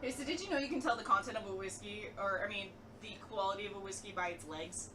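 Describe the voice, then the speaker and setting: A woman's voice: medium pitch, fast, distant mic. A woman chatting casually with the streamer in his room during a game stream, swearing freely and laughing often. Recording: off-mic with background noise.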